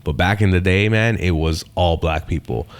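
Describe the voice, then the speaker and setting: Very deep-voiced comedian, profane and animated. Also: male voice, normal speed, smooth. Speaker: stand-up comedian, podcast guest. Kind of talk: casual podcast chat.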